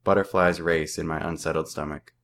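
A man in his twenties from Ontario, Canada, reading his own first-person story aloud with plain, steady delivery and small slips. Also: a bass voice, a little fast. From southern Ontario, Canada. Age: 20s.

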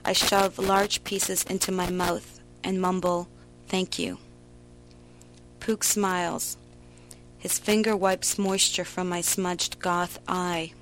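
A woman giving a slow, emotional, theatrical reading of a first-person story. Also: fairly low pitch, flat delivery, fairly bright tone, a little hiss or hum, low-quality recording. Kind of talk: dramatic literary reading.

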